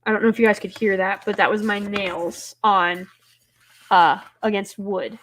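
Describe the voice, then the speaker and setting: A woman hosting a live stream, chatting casually with viewers, rambling with lots of filler words and breaking into loud, exasperated outbursts. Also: medium pitch, fairly even intonation, moderate pace, slight background noise. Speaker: livestream host.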